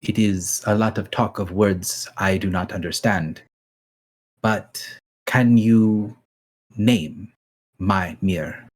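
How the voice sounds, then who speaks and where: A man voicing a formal, courteous male runner soldier with hooves, speaking slowly and stiffly. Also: fairly low pitch. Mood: earnest. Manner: slow, stiff, courteous speech.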